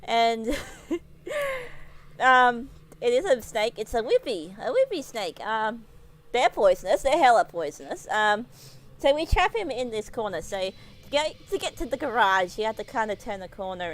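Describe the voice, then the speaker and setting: Giggly high-voiced woman telling a story. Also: big pitch swings, measured pace. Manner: giggly, laughs often while telling stories; rambling, with many restarts. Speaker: streamer. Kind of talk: casual livestream storytelling.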